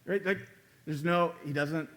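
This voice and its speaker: A male pastor preaching a conversational sermon in a church, acting out quoted lines with sudden jumps in pitch and loudness. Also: fairly even intonation, unhurried. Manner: conversational preaching, acts out quoted dialogue with big pitch swings.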